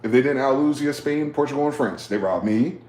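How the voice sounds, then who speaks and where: A man talking in a rambling, profane late-night monologue, swinging from loud outbursts to low muttering. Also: fast, reverberant. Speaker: vlogger.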